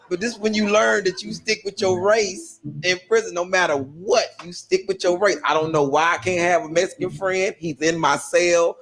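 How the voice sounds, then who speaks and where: A man's voice: high-pitched, moderate pace, hardly any pauses, slight background noise. A man telling a stand-up comedy story, voicing the people in it and laughing through his lines. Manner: animated, voices other inmates, laughs through lines.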